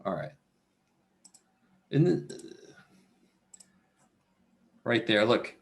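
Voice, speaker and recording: A man's voice: on the low side, very animated, drawn-out words, vocal fry, echoey room. A man teaching a math lecture, talking himself through the arithmetic and muttering curses under his breath. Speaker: math instructor. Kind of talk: recorded classroom lecture.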